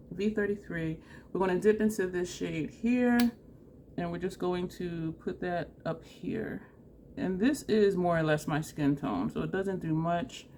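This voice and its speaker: A woman talks through her makeup in a loose, self-deprecating ramble, laughing at herself as she goes. Her voice sits on the low side, and her nose is running. A faint room hiss sits under the recording. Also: warm tone. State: runny nose. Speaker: makeup vlogger. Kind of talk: casual makeup tutorial chat.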